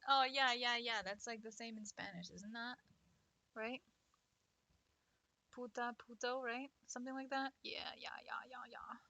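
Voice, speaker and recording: A woman's voice: fairly high pitch, bright, forceful tone, no room sound. A young adult woman streamer chatting casually with viewers, playful and teasing, laughing often. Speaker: art streamer. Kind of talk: casual livestream chat.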